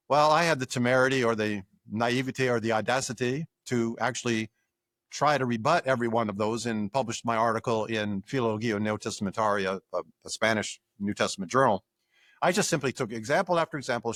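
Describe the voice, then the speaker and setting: An older man, a guest scholar in an interview, explaining with lively examples and acted-out quotes. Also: medium pitch, dry recording. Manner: animated explainer acting out examples.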